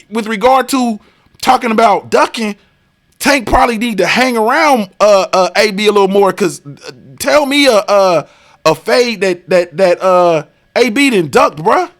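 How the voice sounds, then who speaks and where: A man's voice: high-pitched, animated, normal speed, fairly bright tone. A man hosting a boxing stream, ranting in a profane, casual way and firing off repeated rhetorical questions. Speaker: boxing show host. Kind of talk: live-stream rant.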